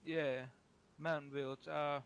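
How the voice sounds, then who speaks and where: A man's voice: a little high, flat delivery, normal speed, gravelly, clean tone. A man voicing a folksy, joking leader of a roaming group, with a rural drawl, in a voice chat roleplay. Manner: hillbilly drawl, jokey.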